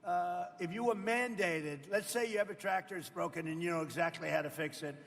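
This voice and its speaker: Older man in his seventies with a rather high voice and a gravelly edge, speaking off the cuff and rambling. His talk is boastful and repetitive, full of asides to the audience. The sound rings with the long reverb of a hall. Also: brisk, fairly bright tone. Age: 70s. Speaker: politician speaking at a roundtable. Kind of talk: off-the-cuff public speech. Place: event room with people around a table.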